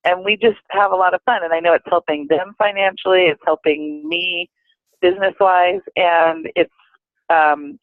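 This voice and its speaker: A woman speaking on a group call, unhurried and reflective, with many fillers. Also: deep voice, no echo. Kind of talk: casual sharing on a call. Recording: tinny phone line.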